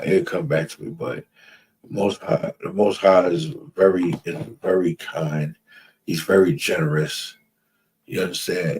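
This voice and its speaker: Man, religious class teacher, husky and low, emphatic preaching, quotes scripture. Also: a little mellow. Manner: emphatic, repeats phrases, asks "you understand?"; reads out scripture verses.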